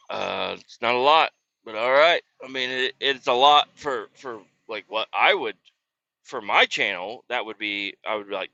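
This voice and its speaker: A man's voice: on the low side, moderate pace, pushed and bright, no room sound, dull audio. A man chatting casually while driving, telling stories in a profane, laid-back way. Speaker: vlogger and truck driver.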